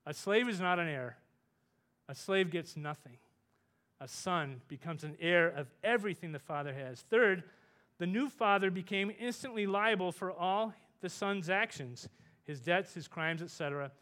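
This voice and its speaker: A man preaching a sermon, earnest, rising loud for emphasis and dropping soft on tender points. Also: expressive, moderate pace. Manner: earnest, rises in pitch and volume for emphasis, softens for tender points.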